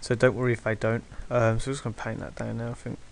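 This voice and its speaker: A man's voice: mid-range voice, level tone, quick pace, vocal fry, a little hiss or hum. A man teaching digital painting step by step, hesitant and reassuring, with many ums. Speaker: art tutor.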